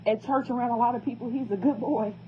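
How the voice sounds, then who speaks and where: A woman's voice: on the high side, steady tone, quick pace, slight background noise. A distraught mother speaking to camera, pleading and repeating herself. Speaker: parent. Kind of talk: emotional phone vlog. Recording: tinny phone-quality recording.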